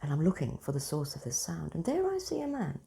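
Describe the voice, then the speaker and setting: A woman, hosting and telling everyday stories in a casual, expressive monologue. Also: deep voice, a little fast, gravelly. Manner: animated, expressive storyteller. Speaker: spiritual centre host.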